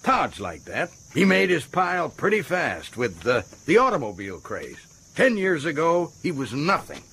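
A boastful, chatty prison governor in a radio drama. He rambles and stumbles over his words, and his husky voice sits fairly high and swings widely in pitch. He sounds pleased with himself. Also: wildly swooping pitch, moderate pace, fairly bright tone, heavily acted. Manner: boastful, stumbling, chuckling often.

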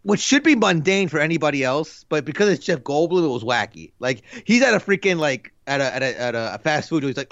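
A man's voice: on the high side, expressive, a little fast, creaky, few pauses, a bit bright, dry recording, dull audio. A man in his thirties co-hosting a podcast, chatting casually in a rambling, laid-back way full of fillers. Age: 30s. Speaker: podcast co-host. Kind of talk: casual chat.

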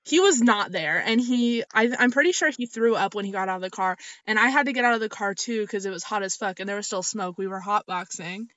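A woman's voice: mid-range voice, fairly quick, hardly any pauses, fairly bright tone, dry recording. A young woman co-hosting a podcast, telling a rambling story in casual chat and laughing often. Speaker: podcast co-host. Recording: slightly dull lo-fi audio, dry.

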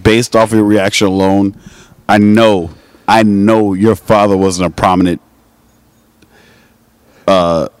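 A man's voice: lowish voice, flat delivery, slow pace, pauses often, smooth, no echo. A man chatting casually on a podcast, cutting in with teasing jokes and laughter. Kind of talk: casual chat.

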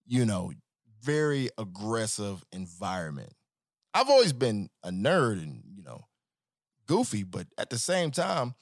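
A man hosting a podcast in a casual solo monologue, profane and animated, swinging between joking and earnest talk. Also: lowish voice, unhurried, no room sound, clean studio sound. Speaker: podcast host.

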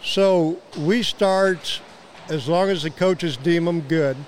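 A man's voice: a little high, takes it slowly, a little hiss or hum. A man with a Midwestern American accent who organizes youth archery, explaining tournament logistics in casual conversation. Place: outdoor venue at a fairgrounds.

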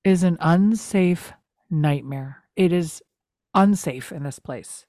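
A young woman with a fairly low voice, co-hosting a chat show in an animated, exasperated way. Her speech is casual and peppered with "like", and the sound is dry and close. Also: takes it slowly, no echo. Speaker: podcast co-host. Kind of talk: casual chat recapping a TV episode.

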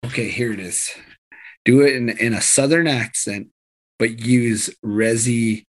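A man's voice: mid-range voice, unhurried. A man co-hosting a podcast in casual chat, teasing his co-host and often talking over him. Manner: teasing, talks over others, laughs easily.

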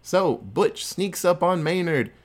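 A man's voice: high voice, takes it slowly. A man casually retelling a film scene by scene, loose and joking as he goes. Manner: animated, loose storytelling with crude jokes. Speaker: podcast host. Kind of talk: casual movie recap.

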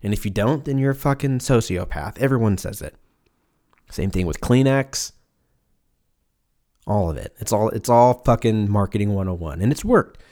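Podcast host, American man in his thirties, slight lisp, animated swings in pitch, jokey and profane. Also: moderate pace, pauses often. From United States. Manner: profane, joking, stumbles over words. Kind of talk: casual rambling chat.

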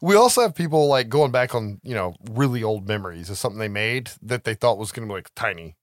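A man's voice: fairly low pitch, fast, no room sound, studio quality. A man in his thirties co-hosting a podcast, recapping a movie in casual chat, swearing, laughing and acting out lines from the film. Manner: animated storyteller, acts out quotes, swears, laughs often. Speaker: podcast co-host.

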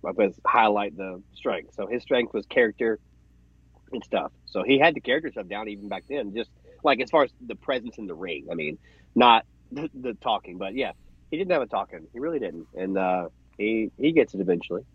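A man co-hosting a podcast in casual chat, relaxed and agreeable. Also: fairly low pitch, fairly quick, husky, dry recording, muffled recording. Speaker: podcast co-host.

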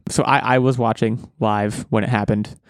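A man's voice: lowish voice, fairly even intonation, normal speed, no room sound. A man in his thirties hosting a podcast, chatting casually in a self-deprecating, rambling way with frequent restarts. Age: 30s. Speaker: podcast host.

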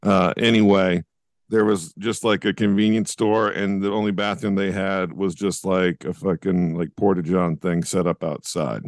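A man's voice: low voice, steady tone, normal speed, no echo, clean studio sound. A man co-hosting a casual chat podcast, laid-back and blunt, swearing freely. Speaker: podcast co-host.

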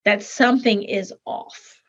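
A woman's voice: medium pitch, fairly even intonation, a little slow, breathy edge, lo-fi sound. A woman hosting a podcast, talking earnestly and emphatically in casual conversation over a video call. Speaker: podcast host.

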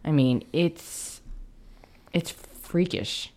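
A woman's voice: low-pitched, very slow, a little mellow. A woman co-hosting a podcast in casual chat, often hesitating and repeating words as she starts a thought. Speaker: podcast co-host.

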